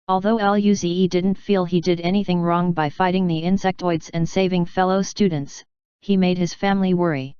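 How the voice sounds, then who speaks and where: A woman with a smooth, very clear voice, pitched a little low, reads an audiobook in a steady, even way. The sound is close and dry, with a slightly dull, muffled tone. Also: normal speed, no room sound. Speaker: audiobook narrator. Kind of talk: scripted narration.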